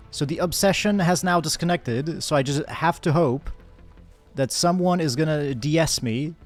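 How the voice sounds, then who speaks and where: A man streaming a game in casual commentary, chatting and laughing in a put-on British accent, swearing when things go wrong. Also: mid-range voice.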